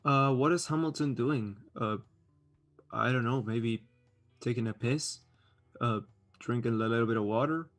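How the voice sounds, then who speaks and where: A man's voice: mid-range voice, moderate pace, long pauses, soft background music. A man hosting a live stream, reading chat aloud and chatting casually; English is not his first language, and he talks with many fillers and restarts. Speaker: livestream host reading chat.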